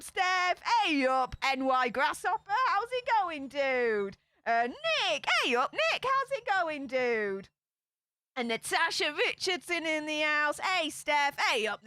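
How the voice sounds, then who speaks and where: Here, a Yorkshire woman in her thirties runs a casual livestream, welcoming viewers with chatty, sassy quick greetings peppered with northern slang. Her voice is high-pitched, pushed and bright, captured in a dry recording.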